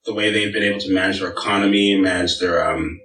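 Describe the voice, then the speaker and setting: A man's voice: sits low, fairly even intonation, fast, fairly bright tone. A man co-hosting a podcast in casual chat, hesitant and trailing off. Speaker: podcast co-host. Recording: echoey room, far off.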